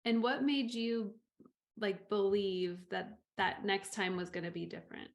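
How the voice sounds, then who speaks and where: Gentle woman host with a creaky voice. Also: mid-range voice, steady tone, measured pace. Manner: gentle, encouraging, lots of soft affirmations. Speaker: podcast host. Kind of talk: interview conversation.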